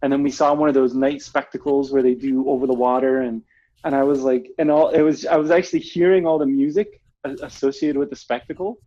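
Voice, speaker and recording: A man's voice: medium pitch, steady tone, a little fast, warm tone. A man in casual chat, telling rambling stories with many restarts and giggles. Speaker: bandleader and podcast co-host. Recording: dull lo-fi sound.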